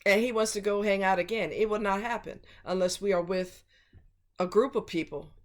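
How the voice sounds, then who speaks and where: A woman's voice: mid-range voice, normal speed. A woman vlogger giving blunt relationship advice in a casual, emphatic monologue.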